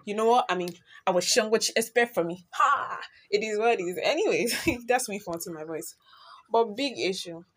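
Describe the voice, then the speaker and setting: A teenage girl with a Nigerian accent, talking to listeners in a casual personal podcast, chatty and earnest, with loud bursts and soft asides. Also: medium pitch, lively intonation, moderate pace, slightly rough. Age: teens.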